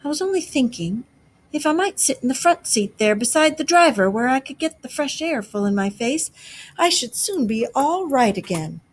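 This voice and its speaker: A woman voicing a conceited, excitable male toad in a storybook reading, raising her voice for him. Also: sits high, normal speed, slightly rough, voice pushed up, exaggerated voice. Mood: scheming. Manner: conceited, excitable, swings between feeble and shouting. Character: boastful reckless male toad, disguised as washerwoman.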